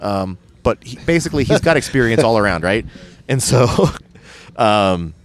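Brief: a chatty storyteller with a lowish voice, loose and rambling. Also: male voice, animated, moderate pace. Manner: rambling, with many fillers and restarts. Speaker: podcast guest telling an off-road story. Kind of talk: casual storytelling chat.

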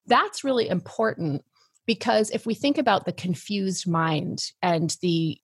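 A woman's voice: on the low side, husky, no echo, studio quality. A woman business coach, a podcast guest, explaining energetically with emphatic phrasing and frequent laughs. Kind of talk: casual podcast interview.

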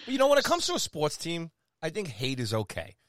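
A man co-hosting a podcast, chiming in with playful quick asides. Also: on the high side, huge pitch swings, fairly bright tone. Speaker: podcast co-host. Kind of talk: casual sports chat.

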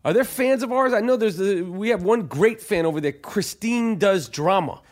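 A man with a New York accent hosts a podcast in loose, rambling chat. His voice sits high for a man, and he stammers through restarts and swears freely. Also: normal speed. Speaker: podcast host.

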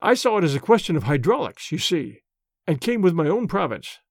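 A man voicing a shaken young gentleman engineer. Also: fairly high pitch, sing-song, brisk, vocal fry, no echo, clean studio sound, full character voice. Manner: polite, weary, nervous.

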